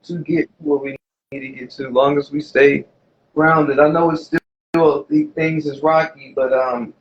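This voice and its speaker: A man's voice: on the high side, steady tone, measured pace, highs cut off, slight background noise. A man co-hosting a podcast in casual chat, rambling and often restarting, with "you know what I mean" fillers. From USA. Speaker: podcast co-host.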